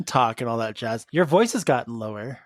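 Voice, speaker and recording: A podcast host in casual chat, teasing and joking with bawdy humor and quick laughs. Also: medium pitch, lively intonation, dry recording, clean studio sound.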